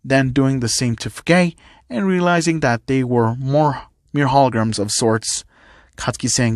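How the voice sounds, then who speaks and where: A man's voice: mid-range voice, unhurried, no room sound. Man narrating a fan story, dry. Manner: plain reading of stage directions.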